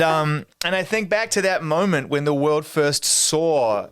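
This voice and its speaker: A man's voice: a little high, a bit bright, faint music behind. A man interviewing a pop star in an enthusiastic, rambling way, with a New Zealand accent. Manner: enthusiastic, rambling, quick asides. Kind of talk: casual interview chat.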